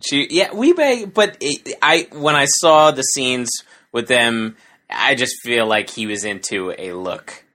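A man's voice: medium pitch, expressive, unhurried, sharp tone. A man co-hosting a casual comedy podcast. He spins loose, rambling anecdotes, stopping and restarting his sentences as he goes. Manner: rambling storyteller, many restarts. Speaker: podcast co-host.

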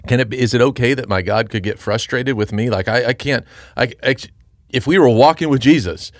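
A middle-aged man with a halting, earnest way of talking, sharing thoughts on a Bible chapter in a casual discussion. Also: medium pitch, no echo, clean studio sound. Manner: earnest, halting, with many restarts and fillers. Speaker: podcast co-host and Christian father.

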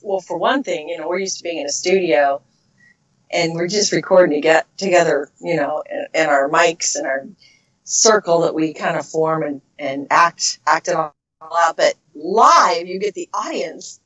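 A middle-aged voice actress chatting in an interview, laughing often and searching for words. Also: female voice, sits low, normal speed, a bit bright. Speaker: voice actress, guest. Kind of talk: casual interview chat. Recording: dull lo-fi recording.

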